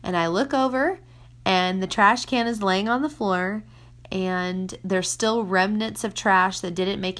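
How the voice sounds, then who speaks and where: A woman, a mother of six, giving casual faith-based advice in an earnest way, sometimes dropping to a soft whisper for emphasis. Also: mid-range voice. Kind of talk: casual Christian teaching talk.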